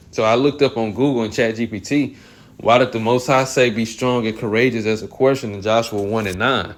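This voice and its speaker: A man reading Bible verses aloud and commenting on them, often clearing his throat and restarting phrases. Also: medium pitch, steady tone, moderate pace. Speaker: Bible teacher.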